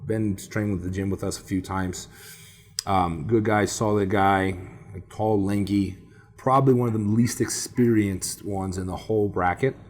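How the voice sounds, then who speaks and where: A man with a low, husky voice, co-hosting a podcast in a loose, rambling chat. He talks in an animated way and keeps dropping fillers. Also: moderate pace. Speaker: podcast co-host. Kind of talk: casual chat.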